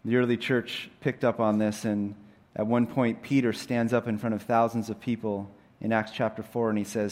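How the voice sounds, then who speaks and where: A male pastor giving a sermon, telling stories that swell in intensity and then drop to a low, quiet tone. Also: little pitch movement, normal speed. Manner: storytelling, building up scenes with rising intensity then dropping low.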